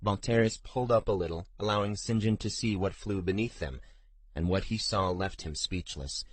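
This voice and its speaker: Deep-voiced man narrating a fantasy audiobook. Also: moderate pace, no room sound.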